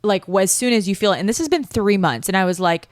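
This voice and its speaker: A woman's voice: medium pitch, expressive, fast, dry recording, clean studio sound. A young woman hosting a podcast, chatting candidly with lots of fillers and casual swearing. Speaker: podcast host. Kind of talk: casual chat.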